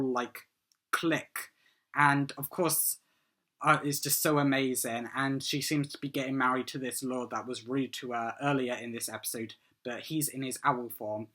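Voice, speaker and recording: A man's voice: mid-range voice, bright, forceful tone. A man giving a casual solo review of a TV episode, rambling and eager, with many "um"s and "like"s.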